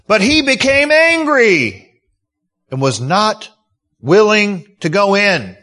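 Male pastor, sermon, bright voice, slow deliberate delivery, emotional, rhetorical questions. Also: high voice, sing-song.

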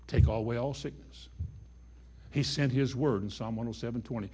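A man preaching a sermon in a folksy way, dropping to a hush and then rising to emphatic declarations. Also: medium pitch, steady tone, fairly quick, slightly rough. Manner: folksy, swings between hushed and emphatic. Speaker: pastor.

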